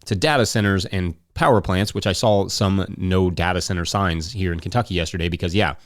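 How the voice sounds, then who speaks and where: A man's voice: low voice, a little fast, no echo, clean studio sound. A man hosting a farming podcast, talking casually with rambling, joking asides. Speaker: podcast host.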